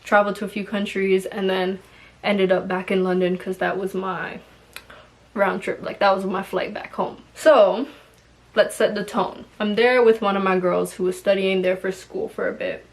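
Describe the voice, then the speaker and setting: A young woman tells a story to her vlog camera. She talks in a chatty, slangy, animated way. Her voice sits in a medium register. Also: medium pitch, moderate pace. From Toronto, Canada. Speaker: vlogger.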